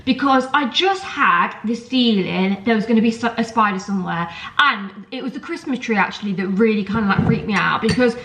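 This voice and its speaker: A woman's voice: on the high side, brisk, a bit bright, rough recording. A young woman with a sore throat chatting casually to camera in her home kitchen, telling stories with lots of ums and likes. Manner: chatty, storytelling, lots of fillers like um and like. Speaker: vlogger.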